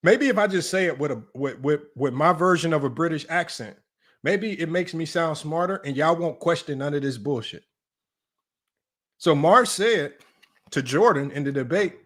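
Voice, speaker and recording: A man's voice: fairly high pitch, lively intonation, moderate pace. A man hosting a livestream sports talk show, emphatic and repetitive, tossing in "right?" and "y'all" as he argues a point. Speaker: sports channel host.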